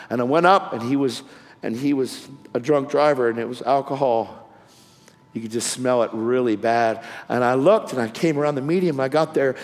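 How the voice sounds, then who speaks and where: A man preaching a testimony sermon with fervor and casual slang, calling people "man" and "bro". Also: medium pitch. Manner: fervent, street-casual slang. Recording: long hall reverb.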